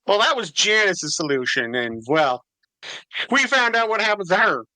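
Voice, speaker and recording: Sarcastic guy joking through a game, high voice, dry sound. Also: big pitch swings, normal speed, pushed and bright, no room sound. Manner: sarcastic, playful. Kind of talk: casual joking game commentary.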